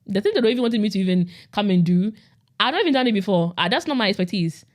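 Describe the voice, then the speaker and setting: Young woman, podcast host, quick casual storytelling delivery, mid-pitched, conversational. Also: lively intonation. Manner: rapid, conversational, with frequent "like" and repetition. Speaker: podcast host sharing her testimony.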